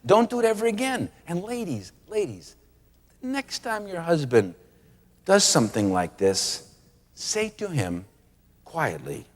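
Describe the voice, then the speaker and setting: A man preaching a sermon with animated delivery, acting out quoted voices and drawing out key words. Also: fairly high pitch, measured pace, long pauses, in a large hall.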